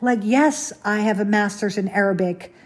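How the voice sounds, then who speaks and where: A middle-aged woman from the Netherlands hosts a solo podcast, her voice a little husky. She talks in a loose, confiding way and keeps asking the listener what they think. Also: medium pitch, normal speed. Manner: chatty and confiding, asks the listener questions. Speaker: podcast host. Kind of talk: casual solo podcast chat.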